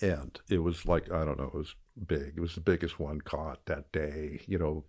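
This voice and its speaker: An older man who used to work as a fishing guide tells a lively story in casual conversation, shouting out the quoted lines. His voice is very deep, and he speaks at a normal speed.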